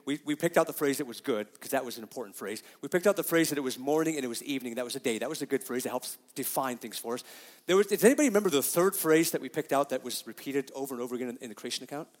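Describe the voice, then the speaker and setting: A man's voice: mid-range voice, animated, rapid-fire, in a large hall. A middle-aged man preaching a sermon as pastor, emphatic and often asking his congregation questions.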